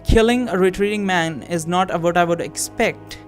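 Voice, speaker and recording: A man's voice: sits high, normal speed. A man playing through a text fantasy game, reading its narration and choices aloud and chatting between passages. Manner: reads narration, then comments with fillers and laughs. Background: background music.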